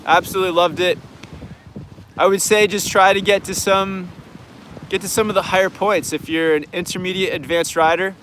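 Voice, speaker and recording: A man's voice: high voice, steady tone, moderate pace, a bit bright, a little hiss or hum. A man with a Canadian accent hosting a live viewer Q&A, talking in an easygoing, frank way and thinking aloud. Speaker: snowboard coach and channel host.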